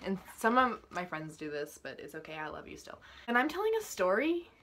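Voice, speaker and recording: A young woman venting to camera about pet peeves, profane and exasperated, her voice rising into loud outbursts. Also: fairly low pitch. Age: young adult. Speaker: vlogger.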